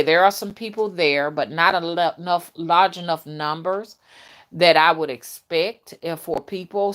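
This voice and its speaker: Folksy chatty woman hosting a live stream. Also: fairly low pitch. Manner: chatty and folksy, addresses viewers as y'all and honey. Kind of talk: casual live-stream chat reading viewer comments.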